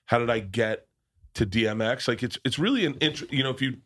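A man's voice: medium pitch, brisk, a bit bright. A man from the American South who hosts a podcast and tells rambling, profane stories in casual chat, often restarting his sentences. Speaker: podcast host.

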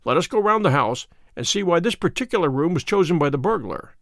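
A man reading Sherlock Holmes, crisp and commanding. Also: fairly high pitch, lively intonation, quick pace, no echo, studio quality. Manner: crisp, authoritative. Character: sharp, commanding detective.

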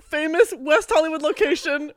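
A young woman guesting on a comedy podcast, trading playful, quick-witted banter into a studio mic. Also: high voice. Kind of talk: casual comedic chat.

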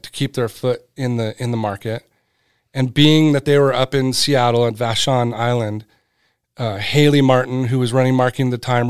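A man's voice: medium pitch, clear, resonant tone, dry recording, clean studio sound. A middle-aged man, guest on a podcast, telling a story casually and acting out the voices of the people in it. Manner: animated, acts out quoted voices. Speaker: guest, brand cofounder.

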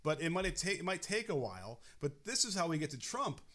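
A man co-hosting a political podcast in a fairly high voice. He rambles, stumbles and restarts his sentences as he thinks aloud. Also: very animated, a bit bright. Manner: rambling, halting, with frequent restarts. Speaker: podcast co-host. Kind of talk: casual political chat.

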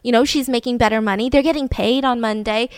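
A woman's voice: fairly high pitch, fairly even intonation, fast, no echo. A woman hosting a podcast, telling a true-crime story in a chatty way, swearing casually and laughing between points. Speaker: podcast host.

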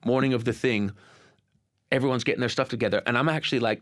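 A man's voice: medium pitch, fairly even intonation, fast, fairly bright tone. A man in his forties, a podcast guest, telling a personal story earnestly and emphatically, repeating phrases for effect. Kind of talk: candid storytelling.

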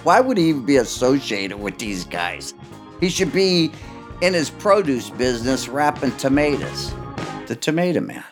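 Man, swearing storyteller, lively swooping pitch, soft music under the voice. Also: normal speed. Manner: profane, acts out quotes with big swings in pitch. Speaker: interviewee recounting mob stories. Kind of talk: animated storytelling.

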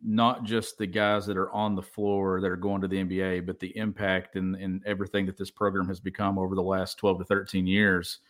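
A man co-hosting a sports talk show, musing in a relaxed, conversational way. His voice sits fairly low. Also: fairly quick, few pauses. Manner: reflective, conversational. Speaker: podcast co-host.

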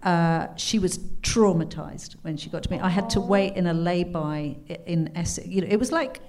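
A woman's voice: fairly low pitch, normal speed. A British woman in her fifties, an author, telling anecdotes at a live book talk, laughing and acting out quotes as she goes. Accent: British English. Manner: animated, laughing, acts out quotes in character.

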